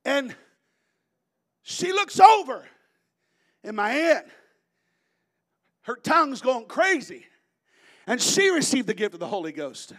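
High-voiced man preaching a sermon. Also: unhurried, long pauses. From Florida, USA. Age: 30s. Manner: animated storytelling, bursts to shouting.

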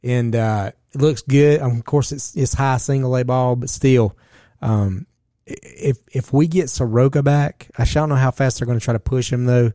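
A man hosting a casual podcast, laid-back and chatty, getting excited about baseball. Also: mid-range voice, normal speed, no room sound, clean studio sound. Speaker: podcast host.

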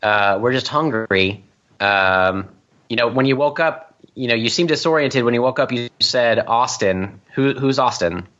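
A man's voice: medium pitch, measured pace, fairly bright tone, natural voice. A man voicing a friendly raccoonkin adventurer who talks hesitantly and reassuringly, recorded on a dull lo-fi mic. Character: raccoonkin adventurer, friendly, jittery but acrobatic.

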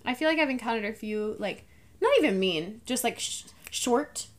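A young woman co-hosting a podcast, telling a travel story in a casual, animated way and acting out the dialogue. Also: on the high side, moderate pace. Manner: animated storyteller, acts out dialogue, laughs often. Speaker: podcast co-host.

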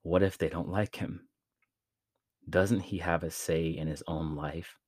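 A man's voice: low-pitched, fairly even intonation, unhurried, no echo, clean studio sound. A man voicing a distraught young mother who pleads desperately, in an audiobook-style reading. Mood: pleading. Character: panicked distraught mother, young adult woman.

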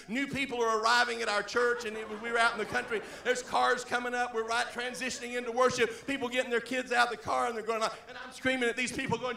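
A middle-aged man, a pastor telling a story from the pulpit in a folksy, animated way, laughing often and shouting at times. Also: extremely high pitch, quick pace, creaky, reverberant. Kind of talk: storytelling sermon. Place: church sanctuary.

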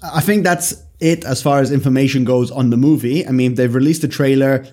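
A man from Italy co-hosting a podcast, giving measured, opinionated commentary in casual chat. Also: mid-range voice, dark tone. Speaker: podcast co-host.

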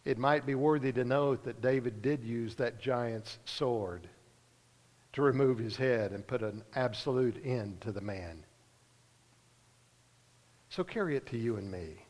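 A man preaching a sermon, earnest, pausing and lifting his voice for emphasis. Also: medium pitch, a little mellow, long reverb tail.

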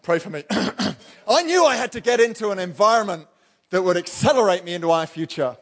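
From the pulpit, a male pastor with a high voice preaches briskly and expressively, addressing the congregation head-on and driving home his points with emphatic, blunt rhetorical questions.

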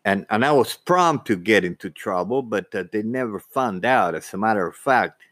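A man telling a personal story casually, halting, with frequent restarts and repeated words. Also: fairly low pitch, expressive, a bit bright, dry recording. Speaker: vlogger.

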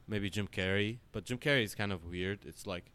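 A podcast co-host with a fairly low, clear, resonant voice speaks a little fast, with no echo. He rambles animatedly through the casual chat, swearing often and dropping many fillers.

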